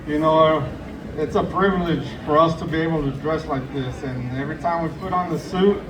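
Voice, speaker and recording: A man's voice: a little high, a little fast, noisy background. A man from Texas, a contestant, speaking earnestly and with pride. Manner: earnest, proud. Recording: echoey room from far off.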